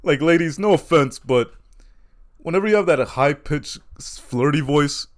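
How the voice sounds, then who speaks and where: A man's voice: on the high side, measured pace. A man doing a stand-up comedy routine, telling crude, self-mocking stories.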